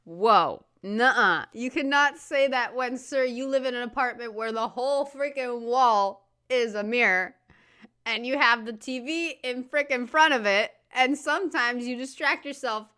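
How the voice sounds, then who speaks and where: A young woman from the States talks over a clip she's reacting to. Her voice is bright and sits a little high. She rambles in a casual way, full of "like" and "dude", and laughs a lot. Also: normal speed, clean tone. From United States. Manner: chatty, laughs often, says "dude" and "like". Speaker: reaction video host.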